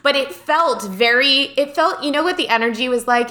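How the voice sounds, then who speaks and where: Bright-voiced woman chatting casually. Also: high voice, moderate pace. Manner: animated storyteller, many fillers, swears casually. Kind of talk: casual conversation.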